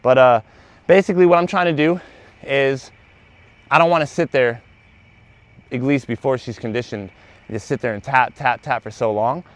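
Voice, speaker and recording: A man, a dog trainer, talking through training in a casual vlog while he works a dog outdoors, out of breath and very animated. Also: normal speed, long pauses. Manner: very animated, high excited praise to the dog.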